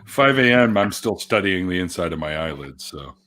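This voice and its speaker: A man's voice: low voice, animated, normal speed, a bit bright. A man hosting a casual live-stream chat with friends, laughing often and swearing casually. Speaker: host.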